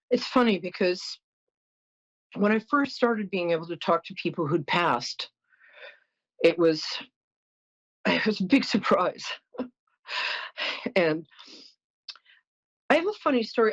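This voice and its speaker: A middle-aged woman hosts a psychic call-in show, her voice lowish and a little rough, with lo-fi sound. Warm-hearted yet blunt, she chats, apologizes, and tells anecdotes frankly.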